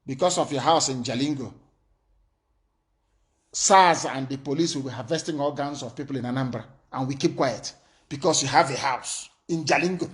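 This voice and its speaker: A man's voice: mid-range voice, normal speed. A man giving an impassioned, defiant political broadcast full of warnings and threats.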